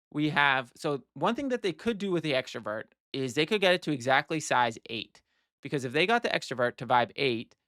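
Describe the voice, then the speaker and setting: A man talks through a card game in a relaxed, think-aloud way, restarting sentences and working out each move as he goes. His voice sits at an ordinary middle pitch and is recorded close and dry, with no room sound. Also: no echo. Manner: explanatory, plans moves step by step. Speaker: card game strategy teacher. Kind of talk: casual gameplay walkthrough.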